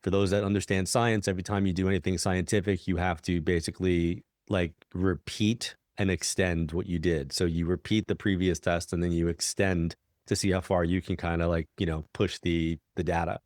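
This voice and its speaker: A middle-aged New York man, a psychic medium appearing as a guest, tells long stories in casual conversation and animatedly acts out the dialogue, his pitch jumping widely on quoted lines. He speaks at a moderate pace with few pauses, and the studio-quality recording has no echo.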